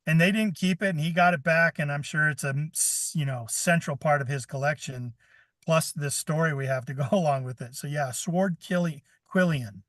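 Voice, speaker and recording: An American man with a fairly high voice hosts a relaxed livestream hangout, telling his stories in an animated way and laughing often between lines. The sound is dry and close, with no room around it. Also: normal speed, no room sound. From United States. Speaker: host. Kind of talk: casual livestream chat.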